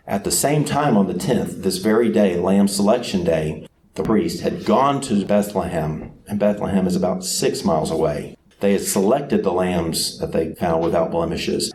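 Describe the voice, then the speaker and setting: A man preaching a sermon who tells the story dramatically, sometimes acting out crowd voices with sudden shouts. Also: low voice, slight background noise.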